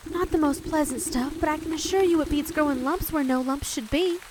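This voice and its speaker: A woman voicing a brisk, polite nurse, reading her game dialogue aloud in a matter-of-fact way. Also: high-pitched, noisy background, pitched above the performer's own voice, natural voice. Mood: businesslike. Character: brisk, apologetic young woman nurse in a plague town. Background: game music.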